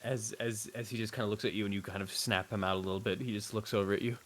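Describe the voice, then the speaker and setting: A man narrating a tabletop game as game master. He has a fairly low voice and describes the scene in a rambling, hesitant way, with a faint hiss behind him. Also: steady tone, quick pace, a bit bright, low-quality recording.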